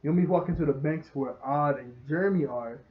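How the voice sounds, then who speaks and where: A man giving a casual, rambling episode review. He gets excited, laughs often and retells scenes as he goes. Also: fairly high pitch, a little fast, noisy background. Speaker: show reviewer. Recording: roomy, dull lo-fi sound.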